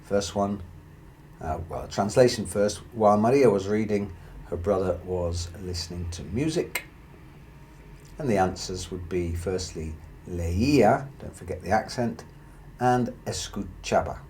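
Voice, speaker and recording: A man gives a grammar lesson in a low voice, explaining each point slowly and patiently. He works through example sentences one by one in a careful, unhurried way. A faint hiss sits under the recording. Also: a little mellow. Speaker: Spanish teacher.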